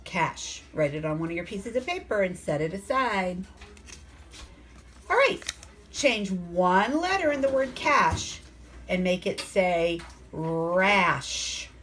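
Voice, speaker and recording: A woman teaching a phonics lesson to young children, sounding out letters slowly and asking the class coaxing questions. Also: on the low side, animated, a bit bright, a little hiss or hum. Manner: slow, sounds out letters and words.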